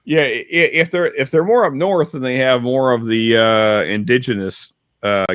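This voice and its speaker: A man co-hosting a podcast in casual chat, rambling and halting with many restarts, reading viewer chat aloud. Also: medium pitch, a bit bright, a little hiss or hum. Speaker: podcast co-host.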